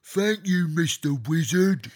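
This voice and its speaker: A man voicing a dim, simple man with a slow, dopey manner. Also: fairly high pitch, animated, darkish tone.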